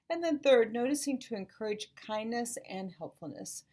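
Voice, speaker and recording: Calm woman school psychologist explaining. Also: medium pitch, normal speed, hardly any pauses. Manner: calm, explanatory, models gentle phrases to say to children. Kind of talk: informational talk to parents.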